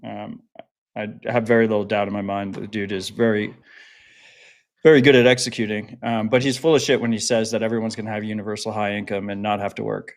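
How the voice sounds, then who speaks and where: A man's voice: on the low side, flat delivery, brisk. A man co-hosting a podcast in casual chat, blunt and opinionated, swearing freely. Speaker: podcast co-host.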